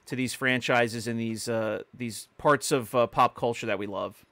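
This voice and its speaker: A man's voice: mid-range voice, fairly even intonation, normal speed, sharp tone, no echo. A middle-aged man co-hosting a podcast, telling stories in a chatty way with many fillers and restarts. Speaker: podcast co-host. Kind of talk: casual podcast chat.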